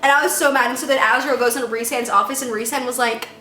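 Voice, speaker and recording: A woman giving a casual, rambling book review rant, excitedly retelling scenes with lots of "like". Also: a little high, quick pace, music in the background. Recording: echoey room.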